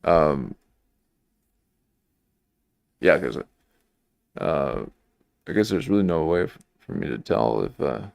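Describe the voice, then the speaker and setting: Male stream host: very low, gravelly voice, slow and halting, questioning as he goes. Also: very animated, a little mellow, no room sound. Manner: halting, questioning, thinks aloud. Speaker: livestream host. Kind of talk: live commentary on clips.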